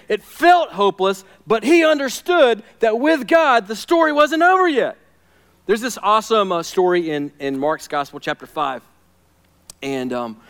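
A man preaching a sermon, swinging from hushed, intimate lines to loud, urgent ones. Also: high voice. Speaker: pastor.

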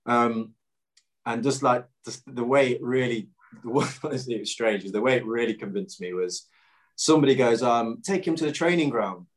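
Man telling a lively anecdote. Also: medium pitch, normal speed. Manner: animated anecdote-telling with quoted dialogue and frequent fillers. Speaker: former footballer guest. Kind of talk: casual storytelling interview.

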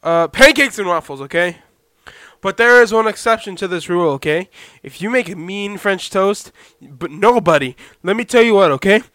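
A young man hosting a solo podcast, talking loudly to listeners on a badly set microphone and checking in with "okay?" and "all right?" again and again. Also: high voice, animated, moderate pace, smooth, no room sound, studio quality. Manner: loud, talks to listeners with repeated "okay?". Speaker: podcast host. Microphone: poorly set podcast microphone.

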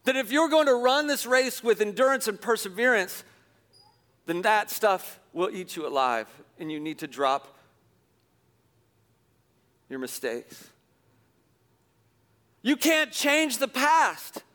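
A middle-aged man, a pastor, telling a self-deprecating story in a sermon, animated and chuckling as he goes. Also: sits high, slow pace, long pauses. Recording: long hall reverb.

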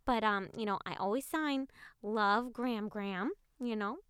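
A woman's voice: a little high, a little slow, fairly bright tone, clean tone, dry recording, clean studio sound. A woman playing Barb, a sweet, chatty old grandmother in a comedy sketch, meandering and hesitant.

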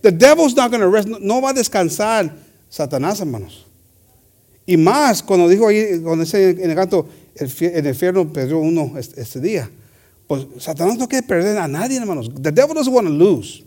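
High-voiced energetic preacher man. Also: brisk. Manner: energetic, punctuated with amen. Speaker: preacher on church radio. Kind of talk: bilingual sermon.

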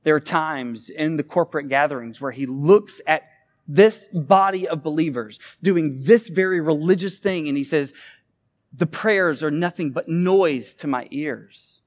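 A man preaching a sermon, animated, with big swings between loud emphasis and quiet asides. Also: fairly high pitch, unhurried. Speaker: pastor.

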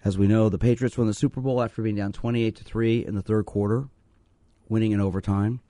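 A man's voice: fairly low pitch, fairly even intonation, brisk, warm tone, no room sound. A man hosting a call-in radio show as a sports psychologist, talking earnestly and telling stories to encourage listeners to call. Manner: earnest, storytelling, repeats phone number.

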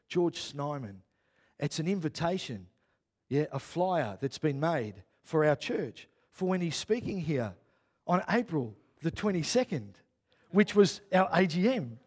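A man, a pastor preaching a sermon in a chatty storytelling way that grows loud and worked up. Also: fairly high pitch, husky.

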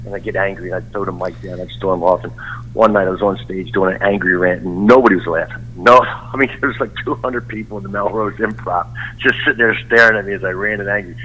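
A man's voice: low voice, fairly even intonation, fast talker, slightly rough, lo-fi sound. A middle-aged man, a stand-up comedian, reminiscing in casual chat, laughing easily and restarting his sentences.

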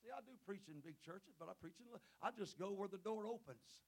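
High-pitched, gravelly man preaching a sermon. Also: a little fast. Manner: calls out "Amen?" and "Hello?" to the congregation; swings between loud fervent peaks and quiet low asides. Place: church sanctuary.

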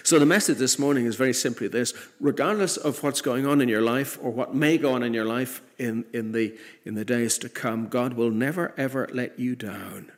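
A man preaching a sermon in an earnest way, rising to emphatic peaks and then dropping soft. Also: mid-range voice, normal speed, few pauses.

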